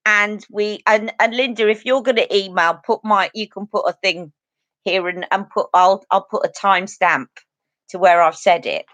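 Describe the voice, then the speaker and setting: A woman hosting a casual beauty live stream, talking straight to her viewers in an earnest, chatty way. Her voice sits at an ordinary middle pitch and is recorded close and dry, with no room sound around it. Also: fairly even intonation, normal speed, fairly bright tone, no echo. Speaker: beauty channel host.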